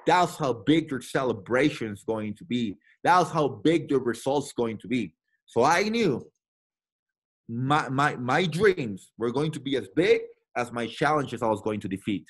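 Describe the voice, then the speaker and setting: A man's voice: medium pitch, expressive, a little slow, breathy edge. A man from Latin America in his thirties, giving an emphatic, repetitive motivational talk to his team and acting out the voices he quotes. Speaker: team trainer.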